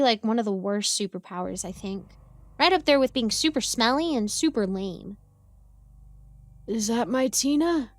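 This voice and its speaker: A woman's voice: mid-range voice, no room sound. A woman narrating a first-person horror story with a playful, girlish delivery and sudden yelps and giggles.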